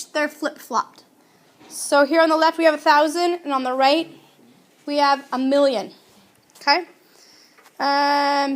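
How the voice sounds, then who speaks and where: A woman teaching a classroom grammar lesson, her voice sitting high. She talks slowly and deliberately, spelling out each point and having students repeat after her. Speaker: Spanish teacher.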